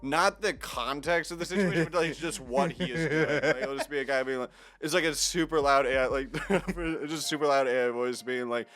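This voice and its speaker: A man's voice: mid-range voice, a little fast, hardly any pauses, fairly bright tone. A man co-hosting a podcast in casual chat, rambling with constant fillers and trailing off mid-thought. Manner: rambling, heavy use of "like", trailing off. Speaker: podcast co-host.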